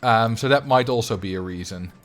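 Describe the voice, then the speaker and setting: A man's voice: on the low side, a little fast, a bit bright, soft background music. A man with a light Dutch accent, chatting casually and animatedly to viewers on a livestream. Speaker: streamer.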